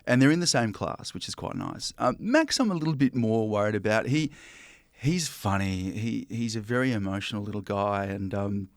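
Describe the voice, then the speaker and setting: A man's voice: fairly low pitch, moderate pace, few pauses, no echo. An Australian man, a broadcaster, chatting in an interview with frequent ums and restarts. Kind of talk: casual interview chat.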